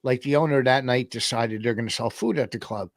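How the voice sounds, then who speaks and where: Male comic co-host, exasperated ranter, average pitch, dry close-mic sound. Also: brisk, no room sound. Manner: ranting, exasperated storytelling. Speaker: comedian co-host. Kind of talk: casual podcast banter.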